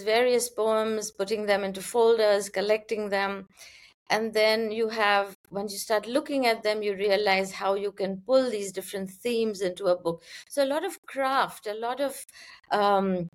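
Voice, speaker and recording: Soft-spoken woman poet, thoughtful. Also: medium pitch. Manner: thoughtful, gentle, pauses with fillers. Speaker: poet and author guest. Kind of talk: interview answers and poetry reading.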